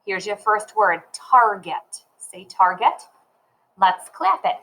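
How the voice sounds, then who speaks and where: Slow, careful woman teaching reading. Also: medium pitch, animated, a bit bright, low-quality recording. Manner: slow, careful, sounds words out syllable by syllable. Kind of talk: reading lesson for learners.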